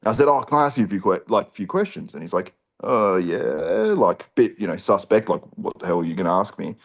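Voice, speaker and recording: A man, a podcast co-host, tells a story in a lively way and acts out other people's lines. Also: low-pitched, brisk, highs cut off.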